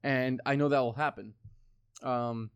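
A man's voice: mid-range voice, fairly even intonation, a little slow, clean tone, no room sound, muffled recording. A man in his twenties talking casually, rambling with lots of swearing and filler words. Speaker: podcast co-host. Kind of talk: casual chat.

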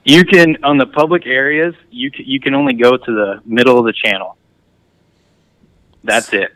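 An easygoing man, a guest on a hunting podcast, talks in a plain-spoken way and now and then stumbles into restarts. His voice is smooth and resonant at a middling pitch. The sound is dry and close. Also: steady tone, moderate pace, fairly bright tone, dry recording, rough recording. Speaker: podcast guest, duck hunter. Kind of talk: casual interview chat.

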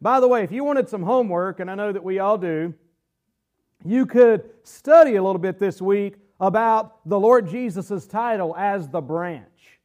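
A man leading a Bible study, reading scripture aloud in a measured way and slowing down sharply to stress key phrases. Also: sits high, darkish tone. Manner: earnest, slows down hard to stress key phrases. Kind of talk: sermon-style Bible teaching.

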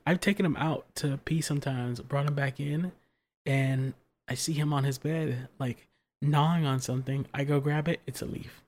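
A podcast co-host telling funny stories in an animated, exasperated way. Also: mid-range voice, moderate pace. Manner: animated storytelling, exasperated humor. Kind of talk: casual chat.

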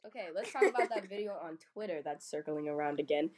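Teasing teenage girl, lively voice. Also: lowish voice, fast talker, a crowd in the background. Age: teens. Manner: teasing, sarcastic, laughs often. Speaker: podcast co-host. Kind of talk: casual chat among friends.

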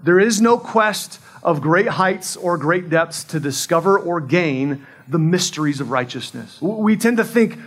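A man in his forties with a notably high voice preaches a sermon in a conversational way. He is earnest and often restarts his phrases mid-sentence, as if working through them aloud. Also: animated, measured pace, a bit bright. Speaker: pastor.

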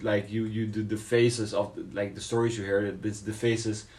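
A man's voice: lowish voice, level tone, normal speed, darkish tone. A man co-hosting a podcast, talking through his views in a casual debate, thoughtful and hesitant, with many fillers and restarts. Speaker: podcast co-host.

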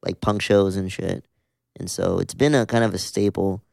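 A man's voice: low-pitched, fairly even intonation, moderate pace, vocal fry, a little mellow, no room sound, clean studio sound. A man in his thirties from Southern California, a musician telling stories in casual chat, rambling with lots of fillers and swearing. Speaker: musician guest.

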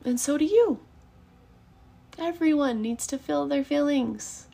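Parenting coach, woman, 30s, encouraging and earnest, a touch of vocal fry. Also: sits high, slow. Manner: earnest and encouraging, acts out calm parent phrases. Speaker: parenting educator. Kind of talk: casual teaching monologue.

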